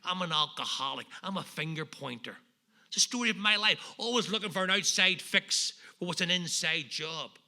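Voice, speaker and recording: With a high-pitched, pushed and bright voice at a moderate pace, a man from Northern Ireland shares his recovery story at a meeting. His humor is wry and self-mocking, and the jokes land with the audience.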